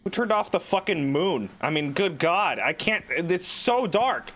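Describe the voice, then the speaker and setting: A man's voice: sits high, expressive, unhurried, fairly bright tone. A man streaming a game, rambling, joking and swearing in casual commentary. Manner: rambling, swearing, jokey outbursts.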